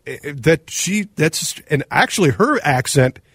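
A man with a Minnesota accent co-hosting a casual radio talk show, animated and rambling, often correcting himself mid-sentence. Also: on the high side, measured pace, husky, no room sound. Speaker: radio co-host.

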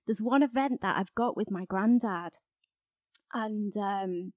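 A woman hosting an interview, speaking gently and reflectively, often trailing off softly. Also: mid-range voice, takes it slowly, dry recording. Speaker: host.

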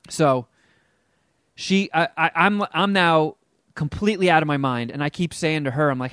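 A middle-aged man tells a story in a casual podcast chat, his voice a little high for a man. He is animated and acts out the people he quotes, with big jumps in pitch. The sound is dry and close, with no room around it. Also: normal speed, smooth, no room sound. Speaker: guest telling a story.

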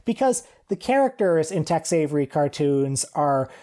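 A man co-hosting a podcast, chatting casually about cartoons with wry, animated storytelling. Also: fairly high pitch, moderate pace. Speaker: podcast co-host. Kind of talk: casual film-discussion chat.

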